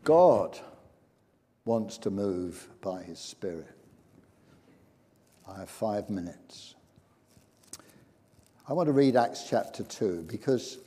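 Older man, preacher, mellow tone, emphatic sermon, long church reverb. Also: fairly low pitch, sing-song, slow pace, pauses often, slightly rough. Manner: emphatic, rising to loud peaks.

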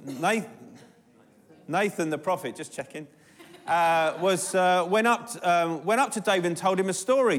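A man's voice: sits high, moderate pace. A man preaching an informal sermon, telling a Bible story with joking asides and fillers, then reading a psalm aloud. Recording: long hall reverb.

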